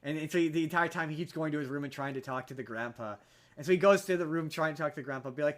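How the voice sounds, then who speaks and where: A man on a podcast, casually retelling a film plot in a rambling way with many restarts, jumping into high voices for quoted characters. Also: rapid-fire. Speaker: podcast host.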